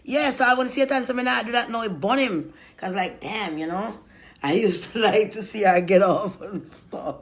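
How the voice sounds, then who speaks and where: A woman giving an emotional spiritual testimony in a vlog, talking emphatically, laughing often and breaking into sudden shouted prayers. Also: mid-range voice, normal speed. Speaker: vlogger.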